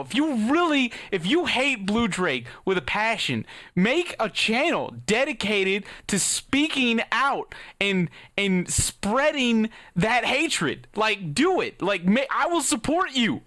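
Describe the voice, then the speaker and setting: A man's voice: high-pitched, sharp tone, no echo, studio quality. A young man hosting his own channel, ranting heatedly and swearing freely at commenters he has banned. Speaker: YouTuber ranting at viewers. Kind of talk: profane casual rant.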